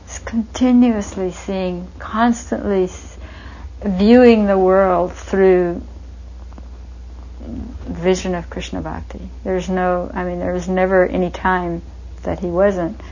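A woman's voice: on the low side, little pitch movement, slow, dark tone, slight background noise. Woman, reminiscing interview, wistful storyteller, muffled lo-fi recording. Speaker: devotee recalling her teacher.

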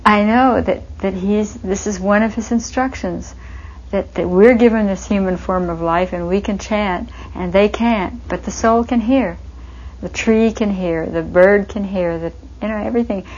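A woman's voice: medium pitch, moderate pace, a little mellow, muffled recording. A woman telling stories of her spiritual teacher in a reminiscing interview, with a wistful, storytelling manner. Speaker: devotee recalling her teacher.

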